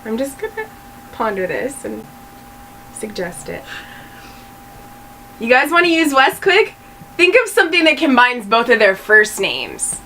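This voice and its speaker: Woman, co-host, casual chat, giggly, animated, high-pitched, bright tone. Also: unhurried, pauses often, a little hiss or hum, rough recording.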